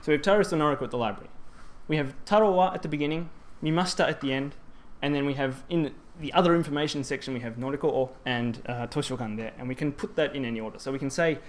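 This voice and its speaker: A man speaking at a teaching symposium, walking an audience through grammar step by step at a mid-range pitch. He explains patiently but often stops to correct himself and fills pauses with ums. A faint hum of noise sits under his voice. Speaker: presenter at a language teaching symposium. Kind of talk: conference talk explaining grammar.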